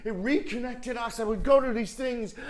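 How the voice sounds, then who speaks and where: A man's voice: very high voice, moderate pace. A man performing a confessional stage monologue, earnest and emotional as he speaks to his late mother, tearful at times.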